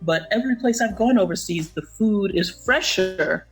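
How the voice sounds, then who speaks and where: A woman's voice: mid-range voice, expressive, normal speed, soft background music, low-quality recording. Chatty, teasing woman podcast co-host. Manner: chatty and teasing, gives listeners travel advice. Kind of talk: casual chat.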